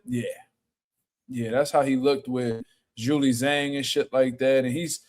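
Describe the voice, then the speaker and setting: A man giving casual, slangy boxing reaction commentary, animated and quick to laugh. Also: mid-range voice.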